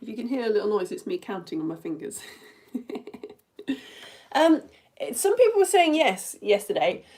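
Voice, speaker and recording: A woman's voice: medium pitch, very animated, moderate pace, long pauses, a little mellow. A woman teaching a live online lesson for all ages in a chatty, playful way, tapping out rhythms as she talks.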